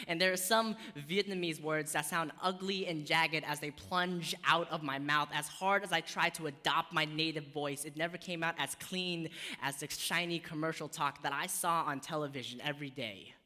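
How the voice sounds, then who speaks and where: A man's voice: fairly high pitch, normal speed. A young American man performing spoken word poetry, then talking casually about poetry with rhythmic delivery. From United States. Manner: rhythmic, shifts from soft recited poetry to lively casual talk. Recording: long hall reverb.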